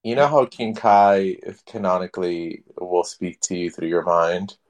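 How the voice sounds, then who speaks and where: A man's voice: low voice, unhurried. A man co-hosting a podcast in casual chat, swearing freely and telling stories wryly. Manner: swears freely, wry, lively storytelling. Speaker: podcast co-host.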